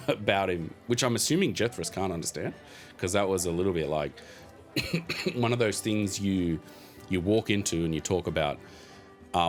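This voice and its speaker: A man hosting a podcast, casually recapping a tabletop game session in a rambling way, laughing now and then. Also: low-pitched. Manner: rambling, many fillers, chuckles often.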